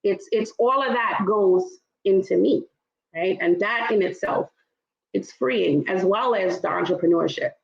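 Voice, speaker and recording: A woman's voice: medium pitch, measured pace, vocal fry, reverberant, dull audio. A woman from Trinidad with a Trinidadian and New York accent, speaking with emphasis as a panelist in a casual discussion and often asking "right?". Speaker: panelist in an online travel talk.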